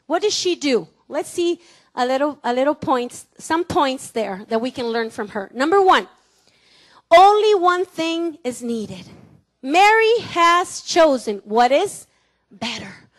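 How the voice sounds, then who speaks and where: A high-pitched woman with a Mexican Spanish accent preaches a sermon in a church. She teases her congregation, laughs easily and has them repeat words back to her. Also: very animated, a little slow. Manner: playful, laughing, calls for congregation responses. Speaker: pastor. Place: church sanctuary.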